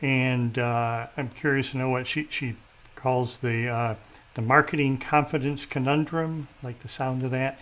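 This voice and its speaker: A man's voice: mid-range voice, steady tone, unhurried, fairly bright tone, low-quality recording. A man hosting a casual interview, chatty and self-deprecating, with many fillers and restarts. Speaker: host. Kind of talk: casual video-call interview.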